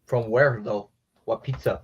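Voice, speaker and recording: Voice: medium pitch, steady tone, a little slow, breathy edge. A co-host in casual chat, joking and playful. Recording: dull lo-fi audio.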